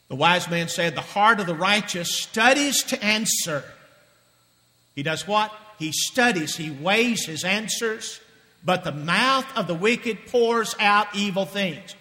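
High-voiced bright preacher in a reverberant hall. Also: male voice. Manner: emphatic, repetitive, swinging from loud to hushed. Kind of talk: sermon. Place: church sanctuary. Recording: long reverb of a large hall.

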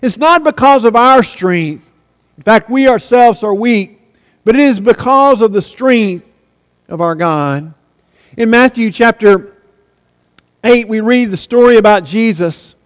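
Man, high voice, earnest sermon, rising and falling emphasis, church hall reverb. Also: animated, a little slow, pauses often. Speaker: preacher.

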